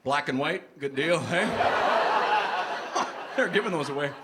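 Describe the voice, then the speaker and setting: A man performing an animated stand-up comedy set on a club stage, shouting his punchlines in put-on voices. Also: fairly high pitch, slow pace, heavy background noise. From Canada. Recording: live club recording with loud crowd laughter.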